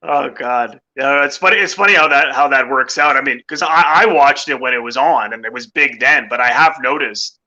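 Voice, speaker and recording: A man hosting a casual interview, easygoing and quick to agree. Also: medium pitch, pushed and bright, highs cut off. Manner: easygoing, frequent short agreements. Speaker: interview host.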